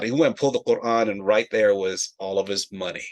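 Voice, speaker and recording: Brisk, animated male comic storyteller. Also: lowish voice. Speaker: comedic storyteller.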